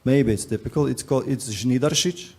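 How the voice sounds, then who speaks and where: A man moderating a conference panel in a relaxed, joking way, with frequent fillers. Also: medium pitch, normal speed. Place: conference stage.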